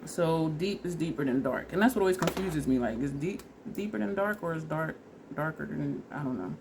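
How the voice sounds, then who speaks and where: A woman's voice: deep voice, lively intonation, a little fast, background noise. A woman vlogger casually talking through a makeup try-on step by step, chatty and laughing at herself, teary and sniffly from allergies. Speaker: beauty vlogger.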